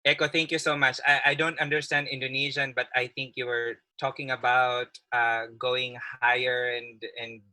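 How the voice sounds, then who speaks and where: A man's voice: medium pitch, flat delivery, moderate pace, hardly any pauses, bright, forceful tone, poor audio. A man who is an occupational therapist giving a friendly webinar talk over a video call, laughing often and restarting his sentences. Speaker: guest speaker, occupational therapist. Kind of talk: webinar presentation.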